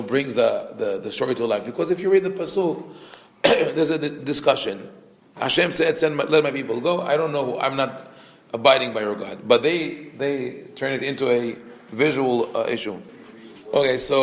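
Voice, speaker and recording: A man, a rabbi, teaching a Torah class, reading Hebrew text quickly and then explaining it in a conversational way. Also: medium pitch. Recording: echoey room.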